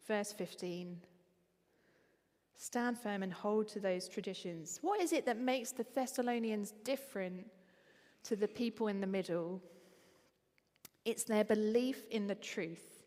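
A woman with an Essex accent preaching a sermon in a conversational, lively way, with frequent ums. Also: a little high, measured pace, pauses often, big-room sound.

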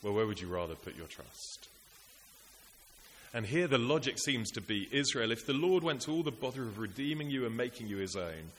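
A man preaching a sermon, earnest and rhetorical, building his points through repetition and lists. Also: fairly low pitch. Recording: echoey hall with faint hiss.

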